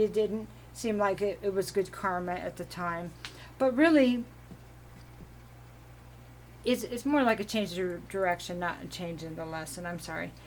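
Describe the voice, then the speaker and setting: A woman giving a casual, meandering tarot reading at home, giggling now and then and clearing her throat from allergies. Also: mid-range voice, a little hiss or hum. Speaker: tarot reader.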